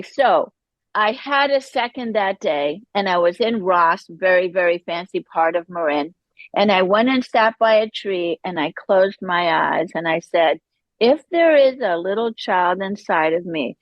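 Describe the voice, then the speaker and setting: A woman, a podcast guest, telling her personal recovery story in an animated way, acting out the voices she quotes. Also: medium pitch, unhurried, no room sound, muffled recording.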